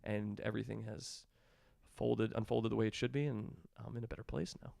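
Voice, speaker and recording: A man in his thirties telling a story in casual chat, animated and acting out the people he quotes. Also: fairly low pitch, fairly quick, gravelly, no echo. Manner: animated, acts out quoted dialogue. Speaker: guest, clinic staff member.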